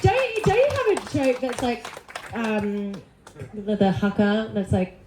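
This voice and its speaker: A woman hosting a comedy panel show, gushing and animated with the comics. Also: on the high side, moderate pace, background noise. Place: comedy club. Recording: echoey club with crowd.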